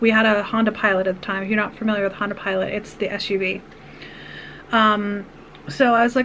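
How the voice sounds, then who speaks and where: A woman vlogger tells a personal story in an earnest, rambling way, circling back with restarts and asides. Her voice sits at a middle pitch. A faint hiss runs under her words. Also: fast talker, a bit bright, poor audio.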